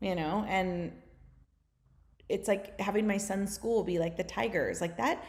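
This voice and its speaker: A woman's voice: medium pitch, a little mellow. Chatty woman with roomy echo. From United States. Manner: fast, filler-heavy storytelling with many "like"s. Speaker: guest. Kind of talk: casual podcast conversation.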